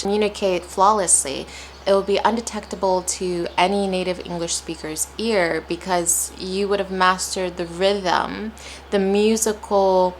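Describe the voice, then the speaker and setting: A woman's voice: mid-range voice, fairly bright tone, a little hiss or hum. A young woman with an American accent teaching English pronunciation, stretching out example words with exaggerated stress. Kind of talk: slow, deliberate pronunciation lesson.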